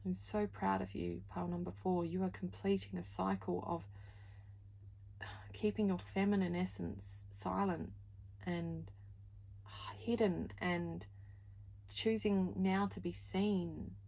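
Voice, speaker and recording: A woman's voice: on the low side, flat delivery, slow, vocal fry, mellow, low-quality recording. A woman giving a pick-a-card tarot reading, gushing and heartfelt, full of "like" and "you know", moved close to tears. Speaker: tarot reader.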